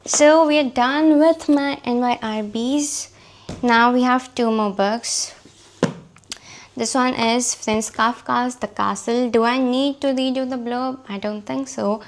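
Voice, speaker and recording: A woman vlogging casually about her books, her voice hoarse from a cold, chatty and self-deprecating. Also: fairly high pitch, steady tone, slow. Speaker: book vlogger.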